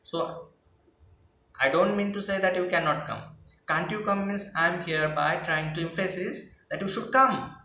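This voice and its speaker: A man's voice: high-pitched, normal speed, bright, forceful tone. A male teacher, patiently explaining class projects and rephrasing each point. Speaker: English teacher. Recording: echoey room with faint noise.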